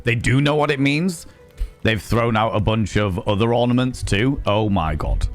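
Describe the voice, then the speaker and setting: A man, a streamer and sex educator, chatting casually and telling animated, wry stories while swearing freely. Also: lowish voice, moderate pace, soft background music. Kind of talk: casual live-stream chat.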